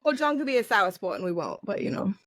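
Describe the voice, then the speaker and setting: A podcast co-host from the American South, a woman, putting on an English accent with a lively, swooping voice. She talks in an upbeat, encouraging way, quick to laugh, and the sound is dry and close. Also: medium pitch, dry recording. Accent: put-on English accent. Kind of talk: casual podcast chat.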